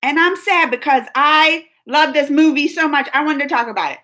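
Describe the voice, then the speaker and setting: A woman hosting a live movie chat, talking in a rambling, animated way with lots of fillers and laughs. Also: high-pitched, moderate pace. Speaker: host of a movie reaction livestream. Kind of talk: casual livestream chat.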